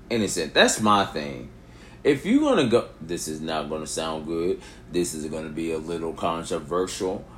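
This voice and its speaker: Young guy w a real deep voice just rambling his opinions, gets loud then goes quiet, bit of faint hiss. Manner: rambling, animated, rising to near shouts then dropping low. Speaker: vlogger. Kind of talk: casual opinion monologue.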